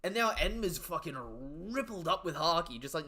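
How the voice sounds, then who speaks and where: A man giving excited, profanity-laden live commentary while reading through a comic chapter and chatting to viewers. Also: a little high, moderate pace. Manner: excitable, swears freely; reads the panels aloud as he goes. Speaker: live reaction streamer. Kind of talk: casual live reaction commentary.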